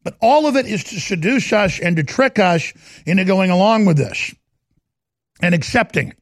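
A talk show host with a high, gravelly male voice and an urgent, hammering delivery. He rants in a dry, close sound and then pushes straight into a product pitch. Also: lively intonation, moderate pace, no echo. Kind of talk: ranting talk show monologue and ad read.

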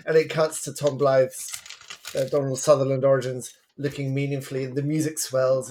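A man's voice: mid-range voice, level tone, normal speed, darkish tone. Male co-host, mid-range voice, dry and cutting film critique. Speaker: podcast co-host. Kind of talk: casual movie review chat.

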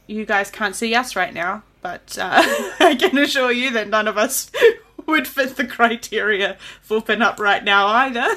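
This New Zealand-accented podcast host keeps things casual and chatty, frequently laughing and poking fun at herself. She sounds bright, pushed, and expressive, with a high-leaning pitch and an unhurried pace.

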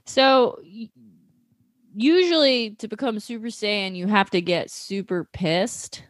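Woman, mid pitch, dry close sound, laughing storyteller in casual chat. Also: dry recording. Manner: laughing, storytelling, acts out characters in quick asides. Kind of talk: casual comedic recap.

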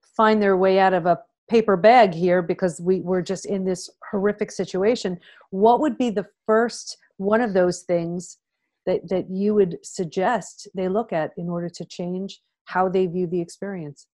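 A woman's voice: medium pitch, steady tone, measured pace, a little mellow. A woman hosts an interview with a supportive, conversational manner. She asks reflective questions and backs up her guest's points. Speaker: podcast host.

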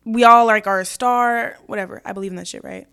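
A woman's voice: medium pitch, steady tone, fairly quick, creaky, fairly bright tone, clear, resonant tone. A young woman hosting a podcast, chatting casually and animatedly in a scattered, swear-laced way. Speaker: podcast host. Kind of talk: casual solo podcast chat.

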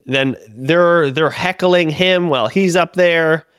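A man, a comedian and podcast host, telling a story in casual chat, animated and full of swearing and restarts. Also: fairly high pitch, slow, clean tone, no room sound, clean studio sound.

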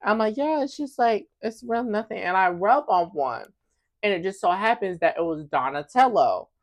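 A young woman hosting a casual podcast chat, brash and profane, flaring into loud bursts. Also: mid-range voice, expressive, moderate pace. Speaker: podcast host.

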